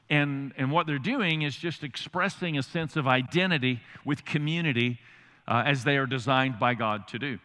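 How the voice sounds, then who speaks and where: Casting: middle-aged male pastor, folksy preacher, bright tone, long hall echo. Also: mid-range voice, moderate pace. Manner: folksy, humorous, animated asides. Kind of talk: sermon.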